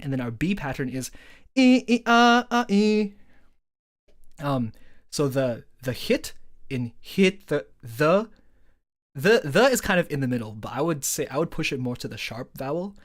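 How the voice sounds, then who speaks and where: A woman's voice: extremely low pitch, animated, normal speed. Brief: woman songwriter, livestream breakdown, eager, lots of "like" and "um", hums bits of melody. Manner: enthusiastic, filler-heavy, sings vowel patterns to demonstrate. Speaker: songwriter explaining her song. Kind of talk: casual breakdown stream.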